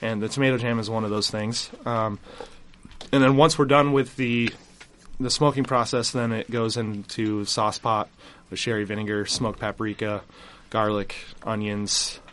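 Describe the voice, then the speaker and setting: A man, a chef guest on a radio show, calmly explaining how a dish is made, with plenty of fillers. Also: fairly low pitch, a little hiss or hum. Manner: unhurried, walks through steps with fillers. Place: radio studio.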